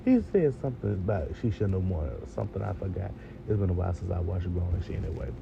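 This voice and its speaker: A man's voice: sits low, fast, vocal fry, muffled recording. A man giving a casual, rambling TV review, talking straight to his viewers. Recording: steady background noise.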